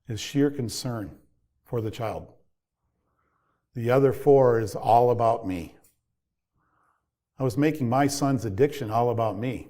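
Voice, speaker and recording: A man's voice: mid-range voice, mellow. Earnest reflective man in his fifties. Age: 50s. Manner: reflective, earnest, builds to heated emphasis. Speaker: parent recovery coach. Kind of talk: personal storytelling talk.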